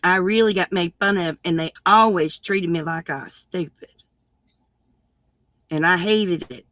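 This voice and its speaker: Slow-talking woman with Southern country accent. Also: fairly low pitch, fairly bright tone, no room sound, dull audio. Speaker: crochet live stream co-host. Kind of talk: casual live stream chat.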